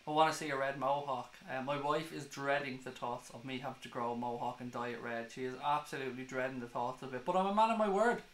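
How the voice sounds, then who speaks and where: A man's voice: mid-range voice, fairly even intonation, fast, few pauses, a bit bright, roomy sound, rough recording. A man hosting a football fan live stream, chatting casually and swearing as he reads viewer comments. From Ireland.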